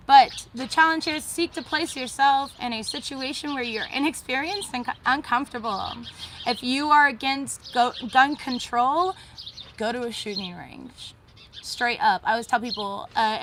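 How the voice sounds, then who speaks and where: A woman with a fairly high voice gives a casual mindset talk. She is blunt and chatty, swears freely and fills her pauses with ums. Faint noise hums behind her. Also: fairly bright tone. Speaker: host.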